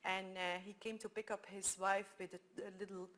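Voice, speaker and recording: A woman with a Flemish accent, whose first language is Dutch, giving a conference talk full of lively anecdotes and frequent restarts. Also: mid-range voice, normal speed. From Belgium. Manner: animated storytelling with frequent restarts. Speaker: speaker.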